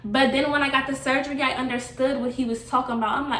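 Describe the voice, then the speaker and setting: A woman's voice: on the high side, steady tone, normal speed, hardly any pauses, fairly bright tone, slight background noise. A young woman giving a candid vlog update, chatty and blunt, swearing casually. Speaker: vlogger. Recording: echoey room, slightly distant mic.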